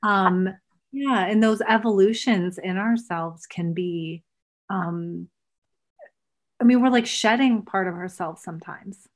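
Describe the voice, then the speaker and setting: A woman's voice: mid-range voice, slow pace. Earnest, reflective woman. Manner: earnest, reflective, talks about energy and truth. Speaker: guest, former coach. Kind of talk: casual podcast conversation.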